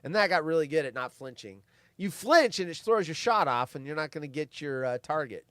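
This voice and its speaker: High-voiced man reading movie trivia. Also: lively intonation, a little fast, a bit bright, dry recording. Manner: reads facts, then adds offhand asides. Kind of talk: casual commentary over a film.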